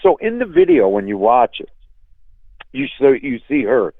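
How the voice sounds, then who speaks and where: A man guesting on a radio show, telling an animated, profane story and saying "dude" a lot. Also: mid-range voice, normal speed, gravelly, dry recording. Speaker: guest musician. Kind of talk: casual storytelling. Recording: tinny phone line, dry.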